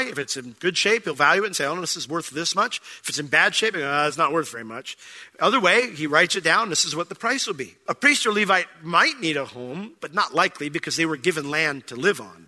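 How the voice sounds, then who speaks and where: A man's voice: a little high, bright, forceful tone. A man preaching a verse-by-verse sermon as pastor, talking in a conversational way and acting out little scenes with different voices. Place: church sanctuary. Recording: long hall reverb.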